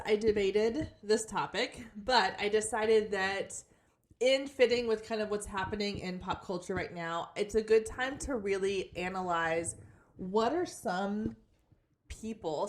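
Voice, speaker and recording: A woman in her forties hosting a solo podcast, slightly hoarse from losing her voice, talking in a chatty, candid way with frequent ums, on a backup podcast microphone. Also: medium pitch, unhurried, a little hiss or hum. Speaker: podcast host and photography marketing coach. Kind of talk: casual solo podcast talk.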